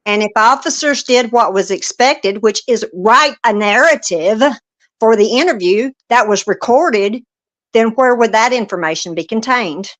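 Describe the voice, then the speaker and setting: Brief: woman doing a prosecutor at trial, steady and pointed, a touch high-pitched. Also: a little slow. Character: female prosecutor questioning a witness. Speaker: reader in a transcript read-through. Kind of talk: courtroom transcript reading.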